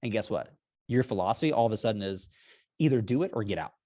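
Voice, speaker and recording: A man with a slightly low voice speaks as an interview guest. He explains business strategy in an upbeat, persuasive way, asking himself rhetorical questions and chuckling often. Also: expressive, fast, mellow. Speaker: guest, repricing software founder.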